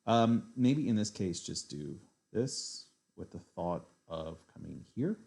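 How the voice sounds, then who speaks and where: A deep-voiced man talks through his chess moves live on stream, thinking aloud in a casual way. He mutters and corrects himself mid-sentence, and his low voice still swings up and down a lot. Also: lively intonation, takes it slowly, gravelly, darkish tone. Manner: muttering, self-correcting, analytical.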